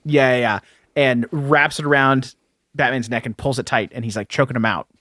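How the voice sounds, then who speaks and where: Seorang pria membawakan podcast bersama, mengobrol santai tentang komik, sering tertawa dan cepat menyetujui lawan bicaranya. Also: male voice, medium pitch, steady tone, normal speed, a bit bright, dry recording, clean studio sound. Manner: chatty, laughs often, eager agreement. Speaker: podcast co-host. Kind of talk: casual comic book discussion.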